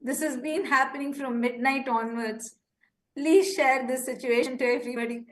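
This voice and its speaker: A woman with a high, bright voice makes an urgent live-streamed appeal. She talks in an impassioned way, pleading with listeners and turning indignant at critics. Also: steady tone, moderate pace.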